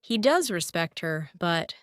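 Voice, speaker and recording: A woman's voice: lowish voice, very animated, a little slow, no echo, studio quality. A woman giving a tarot reading, musing aloud and repeating herself as she talks straight to the viewer. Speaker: tarot reader.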